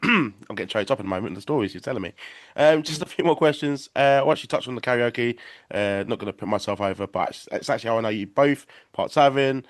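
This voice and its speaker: A man hosting a podcast, with a deep, boomy voice that is a bit croaky, chatting casually. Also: fast talker, no echo, studio quality. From England. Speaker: podcast host. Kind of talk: casual interview chat.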